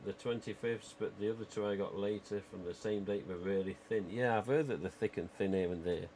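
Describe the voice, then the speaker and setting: A man's voice: lowish voice, steady tone, brisk, a little mellow, slight background noise. A man hosting a livestream, chatting casually and rambling with lots of "you know" asides. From England. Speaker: livestream host.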